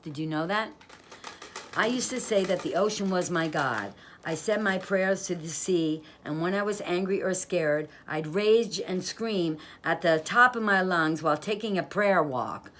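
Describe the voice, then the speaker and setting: A woman's voice: fairly low pitch, fairly bright tone. A woman author reading from and talking about her own inspirational book, upbeat and a little preachy, rolling through long rhythmic lists. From New York.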